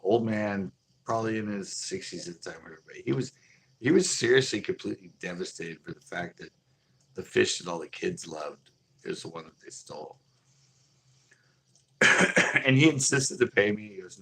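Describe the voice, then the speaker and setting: A man with a fairly low, gravelly voice tells a story live and off the cuff. He runs a local store and talks casually, rambling and swearing, often stopping and restarting mid-sentence. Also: lively intonation, normal speed, long pauses, bright, forceful tone. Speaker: local fish store owner.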